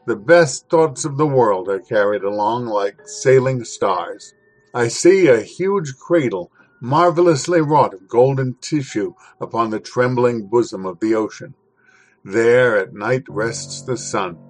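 A man's voice: mid-range voice, low-quality recording. A man hosting a podcast, with dry, sardonic commentary before reading a historical essay aloud. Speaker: podcast host.

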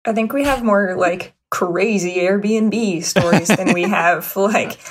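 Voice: mid-range voice, takes it slowly. A band member chiming in playfully with jokes during a casual chat.

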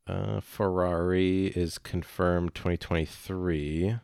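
A man chatting casually as a podcast co-host, rambling and halting with many fillers. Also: sits low, fairly even intonation, no echo, studio quality. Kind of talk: casual chat.

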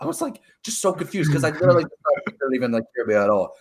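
A man's voice: fairly high pitch, rapid-fire, few pauses. A young man in his late teens co-hosting a casual podcast, telling stories with lots of fillers and acting out the voices. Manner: animated storyteller, acts out voices, many fillers. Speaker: podcast co-host. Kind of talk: casual chat.

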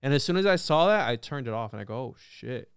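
Young man, casual podcast storytelling, animated, cursing, crisp clear voice, close dry mic. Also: mid-range voice, no room sound. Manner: animated, heavy swearing, quick repeated restarts. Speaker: podcast guest.

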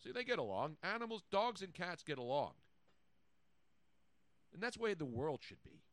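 A man's voice: high voice, very animated, moderate pace, fairly bright tone, no room sound. A man hosting a podcast in casual banter, jokey and boastful, riffing from topic to topic. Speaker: podcast host.

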